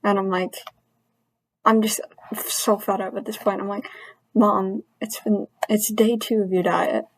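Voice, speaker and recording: A woman's voice: medium pitch, flat delivery, no room sound, poor audio. A woman in a mid-range voice rants to camera about something that upsets her. She sounds frustrated and earnest, often stopping and restarting her sentences. The recording is dry and close, with no room sound. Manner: frustrated, venting, halting restarts. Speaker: vlogger. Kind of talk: personal rant to camera.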